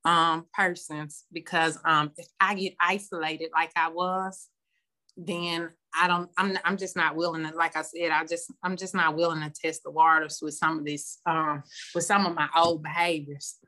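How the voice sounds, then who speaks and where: A woman giving a candid, rambling personal share at a recovery meeting over a phone video call, with many pauses and ums. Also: low-pitched, level tone, pushed and bright. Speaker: meeting member sharing.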